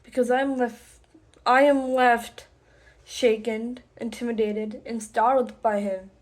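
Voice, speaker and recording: A woman talking to the camera about something personal, slowly and haltingly, with many pauses and restarts. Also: a little high, fairly even intonation. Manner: slow, halting, deliberate with frequent pauses and restarts. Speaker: vlogger.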